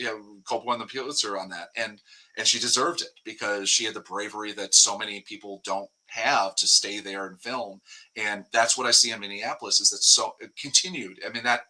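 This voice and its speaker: A man's voice: lowish voice, pushed and bright, poor audio. A man speaking as a guest reporter in a casual interview, talking in a rambling way with many restarts and fillers.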